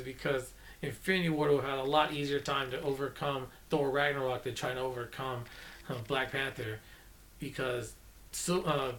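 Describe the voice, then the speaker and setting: A man's voice: fairly high pitch, fairly bright tone. A man giving a casual, chatty spoken movie review, often correcting himself mid-sentence, with an accent of his own. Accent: non-native English, own accent. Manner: chatty, self-correcting, enthusiastic.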